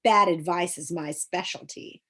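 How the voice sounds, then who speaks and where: A woman's voice: a little slow, a bit bright. A woman voicing a gleeful, tricky male monster who gives bad advice, calling out in a raised voice. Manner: high calling, gleeful then cold.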